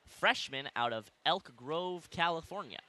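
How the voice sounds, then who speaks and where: A young man doing live play-by-play sports commentary, calling the action quickly and correcting himself as he goes. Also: on the high side, expressive, bright, forceful tone. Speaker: play-by-play announcer. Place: arena broadcast position.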